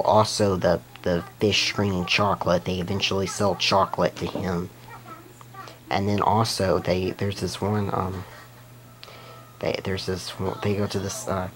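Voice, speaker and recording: Slow rambling man recapping cartoon episodes. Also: on the low side, poor audio. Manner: rambling, many restarts, giggly. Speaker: YouTube episode reviewer. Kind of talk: casual unscripted recap.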